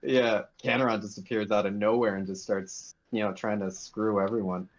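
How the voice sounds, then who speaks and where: A man's voice: fairly low pitch, flat delivery, moderate pace. A man playing a tabletop game, speaking casually and a bit fumbling. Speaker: player. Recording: dull lo-fi audio.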